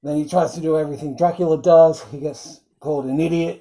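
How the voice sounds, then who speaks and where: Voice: mid-range voice, fairly even intonation, a little fast, few pauses, mellow, low-quality recording. A film reviewer recapping scenes in casual chat, rambling with frequent ums and acting out quoted lines in bursts.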